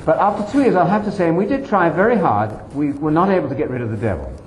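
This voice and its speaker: Older male speaker, lively emphatic testimony, roomy echoing hall with faint noise. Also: fairly high pitch, quick pace. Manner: animated, emphatic, addresses listeners directly. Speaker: speaker addressing a congregation. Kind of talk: personal testimony talk.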